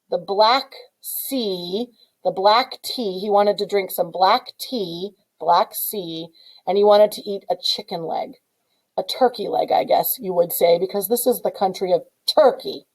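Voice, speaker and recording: A woman's voice: medium pitch, a little mellow, poor audio. Woman, middle-aged, teacher, playful punning storyteller, points at a map while she talks.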